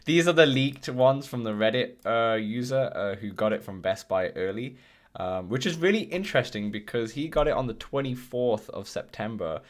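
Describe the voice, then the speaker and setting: A man's voice: medium pitch, animated, normal speed. A man hosting a casual VR podcast livestream, rambling with frequent ums and restarts. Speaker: podcast host.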